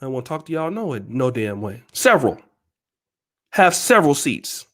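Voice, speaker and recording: A man's voice: medium pitch, very animated, normal speed, a bit bright. A man hosting his own channel, ranting at viewers in an emphatic, profane, repetitive, preachy way. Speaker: channel host.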